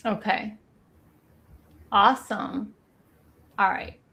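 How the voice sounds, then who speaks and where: A woman's voice: medium pitch, fairly even intonation, very slow, gravelly, sharp tone, husky. A woman hosting a casual livestream, chatting with guests, laughing often and reading documents aloud. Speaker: livestream host.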